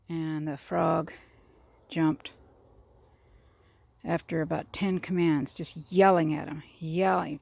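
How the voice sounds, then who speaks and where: Slow, gravelly woman telling rambling jokes. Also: sits low, flat delivery, a little mellow, no echo. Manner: meandering, with fillers and chuckles. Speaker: joke teller.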